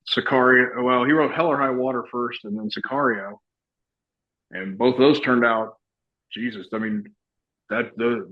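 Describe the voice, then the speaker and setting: Rambling man, slightly muffled. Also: mid-range voice. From Texas. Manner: rambling storyteller, many restarts and laughs. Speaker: guest, actor and retired soldier. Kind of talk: casual interview chat.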